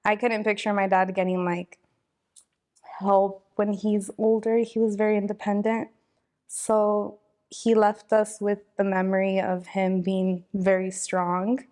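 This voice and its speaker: A woman's voice: mid-range voice, completely flat delivery, measured pace, dark tone. A young woman, talking casually and from the heart in an interview, with many fillers. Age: 20s. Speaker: interviewee, victim's daughter. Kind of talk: emotional personal interview.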